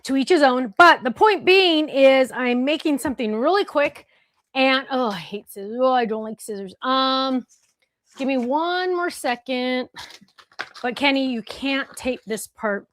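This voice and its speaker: A woman's voice: sits high, a little slow, a bit bright. A woman hosting a live craft show, talking in a chatty, rambling way full of asides. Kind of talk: casual livestream chat.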